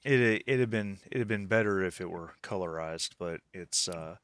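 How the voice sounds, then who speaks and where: Man, game master, very low voice, rambling with fillers, casual tabletop narration. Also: normal speed, a bit bright, no room sound. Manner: rambling, many fillers and restarts.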